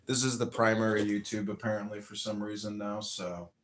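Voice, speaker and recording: A man with a low voice rambles through a jokey sign-off to his live stream. He keeps wandering away from the microphone. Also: level tone, a little fast, slight background noise. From Illinois. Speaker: podcast host.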